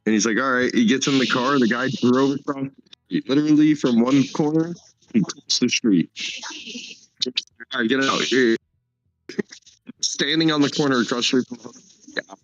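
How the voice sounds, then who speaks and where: A man's voice: medium pitch, a little fast, no echo. Brief: crude, joking guy with plenty of swearing, muffled lo-fi mic, dry room. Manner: animated storyteller. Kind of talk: casual podcast chat.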